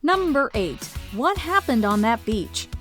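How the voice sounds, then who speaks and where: A woman reads scripted voice-over for a countdown video, upbeat and playful in classic list-show style. Her voice is fairly high, very animated, and a little slow, with faint music behind her.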